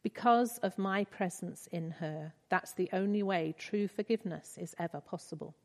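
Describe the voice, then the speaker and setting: Una donna che legge un Dio paterno e gentile, in una sala riverberante. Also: female voice, lowish voice, normal speed. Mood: gentle. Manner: tender, reassuring reading. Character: gentle fatherly God figure called Papa. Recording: reverberant hall.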